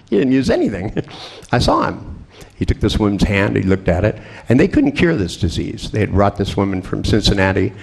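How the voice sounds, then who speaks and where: A man's voice: lowish voice, big pitch swings, normal speed, vocal fry, a little mellow, husky. A man giving a seminar talk as a hypnotist, telling anecdotes with wry, boastful humor and frequent chuckles. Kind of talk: anecdotal storytelling lecture.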